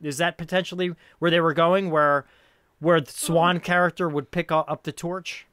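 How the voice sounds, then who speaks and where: A man's voice: fairly high pitch, fairly even intonation, moderate pace, fairly bright tone, dry recording. A man hosting a casual film podcast, rambling and thinking aloud, laughing often as he talks. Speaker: podcast host.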